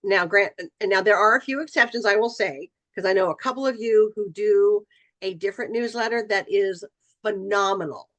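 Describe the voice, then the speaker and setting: Her voice is mid-pitched and a bit bright as she leads a session for real estate agents. The middle-aged trainer chats casually and acts out pieces of conversations with clients.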